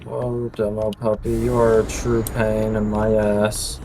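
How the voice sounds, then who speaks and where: A man's voice: lowish voice, little pitch movement, measured pace, background noise. A man chatting with teammates during a multiplayer game, swearing and venting his frustration. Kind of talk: casual gaming chat.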